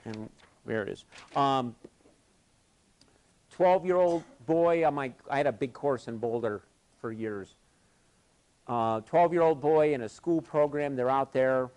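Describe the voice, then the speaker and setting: A man leading a live workshop, telling stories in an animated way and acting out what people said. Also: medium pitch. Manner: animated, acts out quoted voices. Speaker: workshop facilitator. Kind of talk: storytelling at a workshop. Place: conference session, recorded live.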